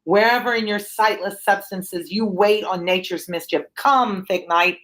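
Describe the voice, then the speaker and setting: A woman reading the part of a scheming, ambitious noblewoman aloud, slowing on key words. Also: medium pitch, fairly bright tone, lightly acted. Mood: invoking.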